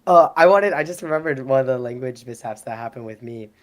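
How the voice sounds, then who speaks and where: A man's voice: mid-range voice, fast talker. A man on a live panel talking casually, telling stories and acting out what people said. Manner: animated storytelling, acts out quotes. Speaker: exchange student guest.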